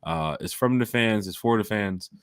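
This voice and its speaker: A man hosting a fan podcast in casual chat, telling stories with lively acted-out quotes on a home mic and camera. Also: on the low side, normal speed, clean tone, no echo, studio quality. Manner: animated storyteller acting out quotes. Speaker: podcast host.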